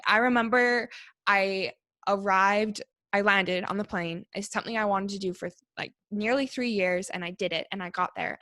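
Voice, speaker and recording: A woman's voice: medium pitch, a bit bright, no room sound. Canadian woman in her 20s, podcast guest, easygoing chat with a dry, close sound. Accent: Canadian English. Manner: chatty, frequent "like" fillers. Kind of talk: casual conversation.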